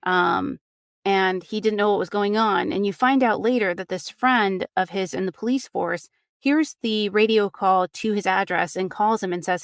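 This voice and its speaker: A woman's voice: mid-range voice, fairly even intonation, normal speed, no room sound, studio quality. A woman podcaster casually recounting a true crime case, sprinkling her talk with "like" and "you know". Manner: chatty, many fillers like "you know" and "like".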